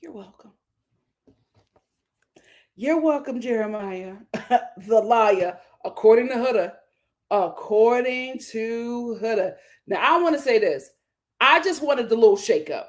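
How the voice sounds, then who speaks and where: A woman hosting a live reality TV recap, animated and exclamatory, laughing often. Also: on the high side, measured pace, long pauses. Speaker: reality show recap host.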